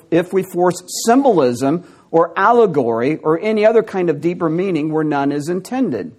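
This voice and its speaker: High-voiced preacher with wry humor. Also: male voice, a little mellow. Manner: wry, amused asides, laughs at examples. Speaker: pastor. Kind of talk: teaching sermon.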